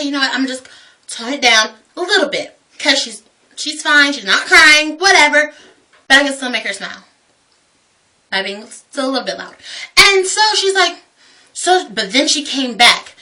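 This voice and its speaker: A young woman telling a story as a vlogger, cursing freely and swinging between loud bursts and hushed asides. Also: high voice, far from the mic. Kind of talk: casual storytelling rant.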